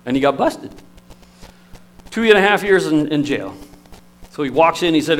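A man's voice: on the high side, moderate pace, long pauses, rough recording. Man preaching an emotional sermon. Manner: storytelling, emotional, lively shifts in loudness.

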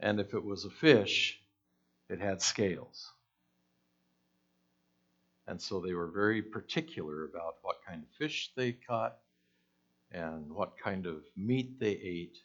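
A man's voice: sits low, takes it slowly, pauses often, fairly bright tone, lo-fi sound. A man preaching a conversational sermon, asking the listeners questions and acting out the voices in the story.

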